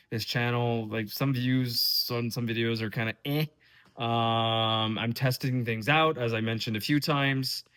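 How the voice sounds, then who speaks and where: A man's voice: mid-range voice, fairly bright tone, clean tone. Frustrated rambling man vlogging. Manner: casual, frustrated, rambling with restarts and swearing. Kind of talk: unscripted rambling vlog.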